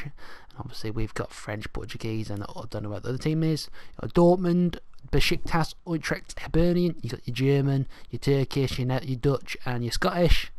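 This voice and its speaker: A man's voice: medium pitch, normal speed, few pauses, a little mellow, dry recording. A young man giving casual, rambling let's-play commentary, thinking aloud as he goes. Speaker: gaming channel host.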